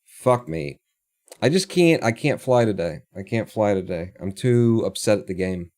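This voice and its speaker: A man's voice: lowish voice, animated, moderate pace, darkish tone. A man streaming a space game live, muttering and swearing at the game with sarcastic frustration. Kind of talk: live gameplay commentary.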